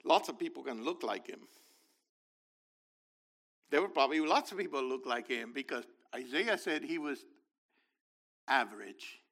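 A man's voice: medium pitch, expressive, normal speed, long pauses, a bit bright. A man teaching from the Bible, reading verses aloud and explaining them with enthusiasm.

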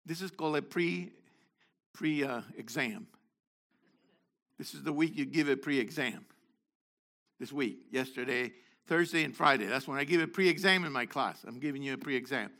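An older man preaching an interactive sermon, questioning the congregation and calling on people, moving between loud exhortation and quiet asides. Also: medium pitch, normal speed, pauses often.

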